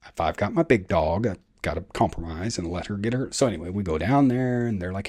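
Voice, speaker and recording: Rich: A man with a fairly low voice tells a personal story as a podcast host. He wanders and backtracks, often pausing on "um" and "uh" and correcting himself as he goes. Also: expressive, a little mellow. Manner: rambling, full of fillers and self-corrections.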